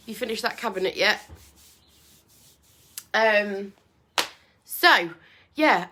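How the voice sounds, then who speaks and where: A woman's voice: mid-range voice, bright, forceful tone. A woman hosting a casual livestream from home, chatty and self-deprecating, with lots of ums. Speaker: furniture painter and livestream host. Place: home with doors open.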